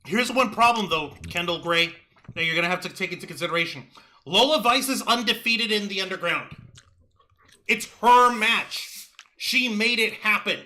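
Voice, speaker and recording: Excitable male podcast co-host, piercing bright tone. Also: sits high, low-quality recording. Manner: excitable, profane, quick to shout and laugh. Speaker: wrestling review co-host. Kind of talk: casual podcast chat.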